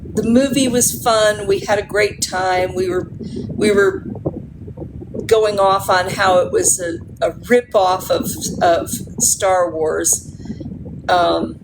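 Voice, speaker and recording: A woman's voice: mid-range voice, steady tone, slow pace. A woman in her sixties telling a rambling story in casual chat, with lots of fillers and restarts along the way. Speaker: livestream host. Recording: loud background noise on a livestream.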